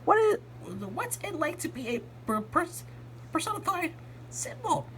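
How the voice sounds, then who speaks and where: A woman voicing a curious, eager young living block that fires off excited questions. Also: extremely high pitch, slight background noise, pitched above the performer's own voice, full character voice. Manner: rapid-fire, excited questioning.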